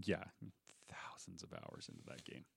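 Young male podcast co-host, low gravelly voice, loose joking delivery. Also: very animated, a little slow, slight background noise. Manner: joking, laughing, rambling. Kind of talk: casual chat.

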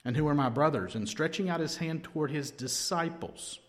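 A man preaching a sermon, retelling scripture with lively storytelling and acted-out quotes. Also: a little high, normal speed. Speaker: pastor.

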